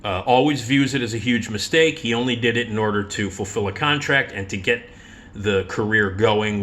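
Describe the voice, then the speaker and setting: A man's voice: lowish voice, normal speed. A middle-aged man tells personal stories casually, swearing freely and laughing along the way. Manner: animated, profane, laughs while telling stories. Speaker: radio host. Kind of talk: casual storytelling monologue.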